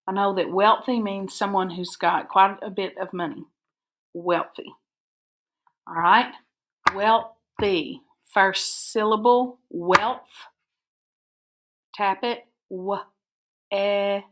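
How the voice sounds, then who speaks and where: Woman, teacher, spelling dictation, unhurried, deliberate syllables. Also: mid-range voice, fairly even intonation, noisy background. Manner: slow, deliberate, breaks words into syllables. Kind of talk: phonics dictation lesson. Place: recorded for an online video lesson.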